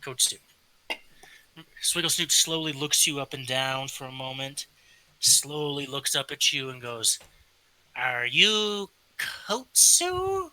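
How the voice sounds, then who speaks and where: A man's voice: medium pitch, fairly even intonation, a little slow, long pauses, bright, forceful tone, dry recording, low-quality recording. A man narrating as game master of a tabletop game, describing scenes with casual fillers.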